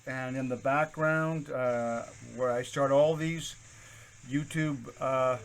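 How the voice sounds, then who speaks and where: A middle-aged man hosting his own video channel, talking in a casual, rambling way with plenty of "uh" fillers and a loud, projecting voice. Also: medium pitch, fairly even intonation, slow pace. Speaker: YouTube channel host. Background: accordion folk music playing faintly.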